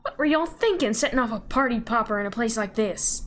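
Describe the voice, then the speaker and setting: A woman voicing a loud, combative Southern woman photographer with a put-on drawl, reading game dialogue. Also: a little high, animated, fairly quick, slight background noise. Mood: scolding. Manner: loud, scolding, folksy.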